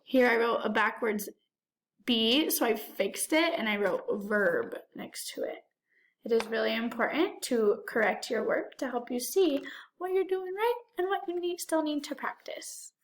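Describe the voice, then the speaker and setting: Woman teacher w high voice, remote lesson for little kids, encouraging sing-song way of talking. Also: measured pace, a little hiss or hum. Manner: encouraging, talks directly to children, lively sing-song. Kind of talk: remote lesson for young children.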